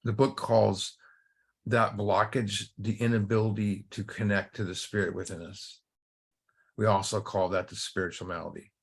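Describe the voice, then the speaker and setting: A man's voice: fairly low pitch, flat delivery, moderate pace, gravelly, husky. A middle-aged man hosting a recovery study group, telling a story and teaching in a casual, conversational way, often repeating and restarting words.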